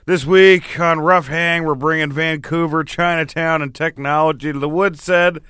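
A man's voice: a little high, normal speed, clear, resonant tone, dry recording, studio quality. A man hosting a comedy podcast, swearing a lot and sounding exasperated as he bickers with his co-hosts. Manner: profane, exasperated, animated. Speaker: podcast host. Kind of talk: crude comedic banter.

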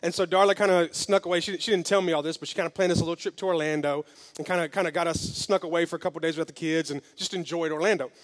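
A pastor preaching a sermon, telling a story that builds from slow and quiet to loud and excited. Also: male voice, a little high, big-room sound. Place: church hall.

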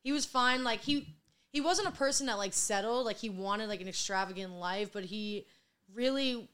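A woman's voice: medium pitch, normal speed, fairly bright tone, clean tone. A woman in her twenties talking as a guest in a casual conversation, telling stories with lots of "like". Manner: chatty storyteller, fills with "like".

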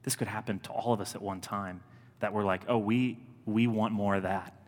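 A man's voice: lowish voice, fairly even intonation, normal speed. A man in his thirties preaching a sermon in an earnest, conversational way, repeating key lines for emphasis. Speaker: pastor. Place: church sanctuary. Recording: long reverb of a large church.

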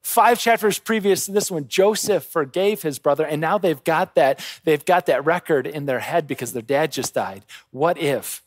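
High-voiced preacher, swinging loud and soft. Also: male voice, moderate pace, hardly any pauses, no room sound. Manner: swings between quiet intensity and raised urgency. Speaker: pastor. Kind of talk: sermon.

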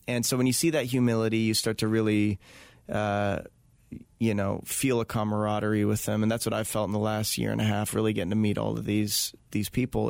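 A man with a gravelly, fairly low voice talks earnestly as a guest in a casual interview, often pausing on fillers and restarting his sentences. The sound is dry and close. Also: a little mellow, no echo. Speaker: guest, touring event host.

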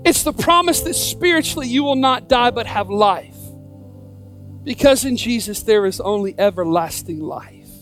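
A woman preaching a sermon, repeating a refrain with rising emphasis and sometimes shouting. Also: fairly high pitch, lively intonation, moderate pace, faint music behind.

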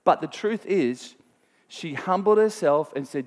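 A man preaching a sermon, retelling a scripture story in a conversational, animated way and speaking directly to his listeners. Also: fairly high pitch, unhurried. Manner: animated storytelling, voice rising sharply when quoting scripture; conversational, plain-spoken teaching with asides to listeners.

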